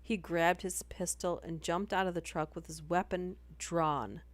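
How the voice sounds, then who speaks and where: A woman's voice: lowish voice, fairly even intonation, measured pace, dry recording. A woman reading ghost stories aloud on a livestream in a casual, chatty way, breaking off into giggles between passages.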